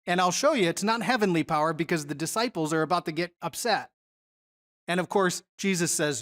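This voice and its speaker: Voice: medium pitch, brisk, fairly bright tone. Conversational Bible teacher. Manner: conversational, asks the audience questions. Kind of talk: Bible study lesson.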